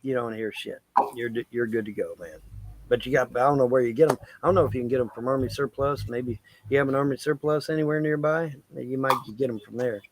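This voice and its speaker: A man's voice: medium pitch, fast talker, noisy background. A man hosting a casual live chat, rambling and crude and laughing at his own jokes. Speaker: livestream host.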